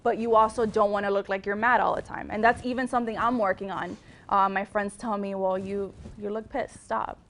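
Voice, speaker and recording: A woman's voice: mid-range voice, fairly even intonation, fast, a bit bright. A young woman with a Miami accent, a TV news reporter, giving chatty advice to students with lots of ums and restarts. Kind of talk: casual advice talk to students.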